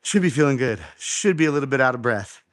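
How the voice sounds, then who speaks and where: A man's voice: mid-range voice, lively intonation, fast talker, dry recording, studio quality. A middle-aged man hosting a live workout show, coaching a viewer through exercises in an encouraging way and repeating his instructions. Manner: encouraging, repeats instructions, counts reps aloud. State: out of breath after exercise.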